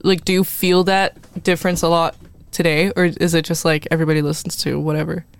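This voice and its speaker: A woman's voice: low-pitched, little pitch movement, quick pace, gravelly, clean tone, dry recording. A young woman hosting a college radio show, chatting casually, laughing often and mocking herself. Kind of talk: casual chat.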